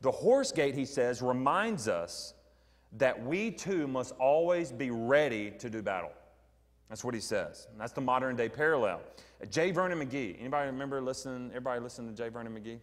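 A man's voice: mid-range voice, animated, fairly quick, long reverb tail. A middle-aged man with a Southern American accent, a pastor teaching an evening Bible sermon in a conversational way, asking the congregation questions and using frequent ums. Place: church sanctuary.

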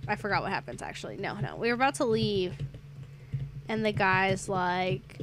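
A woman's voice: mid-range voice, big pitch swings, normal speed, pauses often, fairly bright tone, slight background noise. A young adult woman streamer chatting casually while gaming, rambling through a story and getting sidetracked by the game.

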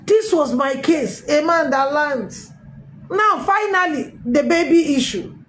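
A middle-aged woman pastor, telling her testimony in a sermon with emphatic, animated storytelling. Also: high voice, slow, slight background noise, poor audio. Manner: storytelling with acted quotes, emphatic swings. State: recovering from a tooth extraction.

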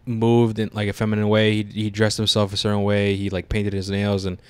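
A man co-hosting a podcast, chatting casually about a movie, animated and teasing, swearing freely. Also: on the low side, fairly quick, clean tone, dry recording. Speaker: podcast co-host. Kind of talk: casual movie review chat.

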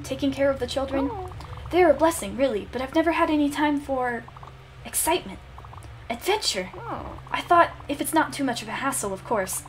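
A woman voicing a sweet, grandmotherly old woman spirit while reading game dialogue aloud, in a soft, coaxing manner. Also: high voice, a little hiss or hum.

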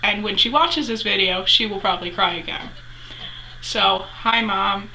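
Young woman, vlogger, bright tone, casual storytelling, filler-heavy, mid pitch. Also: moderate pace, a little hiss or hum, low-quality recording. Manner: chatty, heavy use of 'like' fillers.

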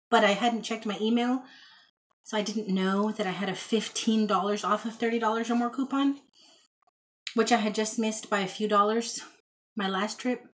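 A woman chatting casually to camera about her thrift finds in a child's bedroom at home, rambling and folksy. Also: a little high. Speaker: thrift haul vlogger.

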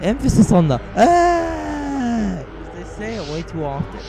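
Man, slightly higher voice, webcam rant at home, scornful and indignant. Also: animated, fast, warm tone, slight background noise, low-quality recording. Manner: indignant, scornful, keeps repeating "stupid". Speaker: channel host. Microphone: small webcam.

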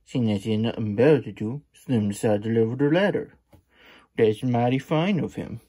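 A man with a mid-range, mellow, husky voice speaks briskly as a children's book reader hosting a casual storybook reading. He slips into playful cowboy-persona banter and rambling asides.

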